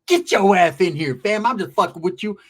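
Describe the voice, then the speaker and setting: A man's voice: sits high, lively intonation, a little fast. A man voicing a flashy older man who is boastful and teasing, drawling in swaggering street talk.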